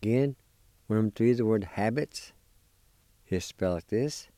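A radio language lesson led by a man. He speaks in a low, warm, unhurried voice, spelling each word letter by letter. The sound is close and dry, and he cheers his listeners on. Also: no echo. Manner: slow, careful spelling and pronouncing of words; encouraging toward listeners. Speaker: language teacher and show host.

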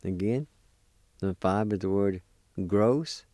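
A man's voice: lowish voice, takes it slowly, dark tone, no room sound, clean studio sound. A man teaching a language lesson, patiently spelling and pronouncing words syllable by syllable and encouraging the listener. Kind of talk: slow recorded language lesson.

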